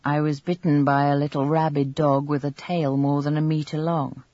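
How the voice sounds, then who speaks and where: A man's voice: a little high, flat delivery, normal speed, darkish tone, no room sound, highs cut off, lightly acted. A man voicing a priest who speaks commandingly, lightly raising his voice. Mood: wry.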